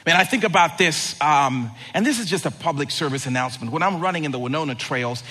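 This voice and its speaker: A male pastor delivers a sermon in a relaxed, conversational way, breaking off into joking asides. His voice sits high and bright, with a husky grain. He rises and falls a lot as he speaks. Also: fast talker.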